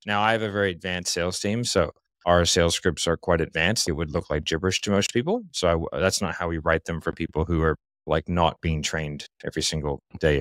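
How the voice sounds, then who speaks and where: A man's voice: deep voice, a bit bright, no echo, clean studio sound. A man giving casual interview talk as a podcast guest, confident and blunt, explaining with examples.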